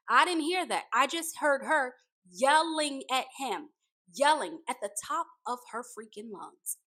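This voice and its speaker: Give me a high-pitched woman giving a chatty, opinionated recap of a reality show. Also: measured pace. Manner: opinionated, animated, laughs often. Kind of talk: casual commentary recap.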